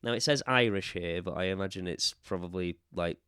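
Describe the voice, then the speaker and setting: A podcast co-host chats casually and laughs often, speaking briskly in a low, bright, forceful, smooth voice. The recording is dry, with clean studio sound.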